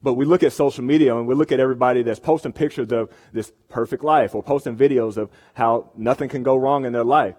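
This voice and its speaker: A young campus ministry speaker gives a casual sermon to college students in a meeting room with an audience. His medium-pitched, darkish voice is steady and fast with few pauses, and he talks conversationally, often checking in with the room.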